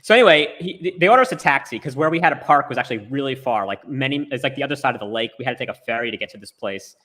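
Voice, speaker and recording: Male storyteller: quick, forceful, chatty, filler-heavy, remote call. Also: mid-range voice, expressive. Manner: rambling storytelling full of "like" fillers. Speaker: storyteller on a talk show. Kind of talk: casual chat. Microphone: remote video call.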